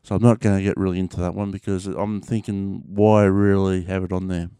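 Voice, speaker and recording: An Australian man talks casually on his own show, rambling and restarting, with plenty of fillers and the occasional swear. His voice sits low and comes through smooth and clean. The sound is close and dry, with no room around it. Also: level tone, a little fast, warm tone, no echo. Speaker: podcast host. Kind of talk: casual solo chat.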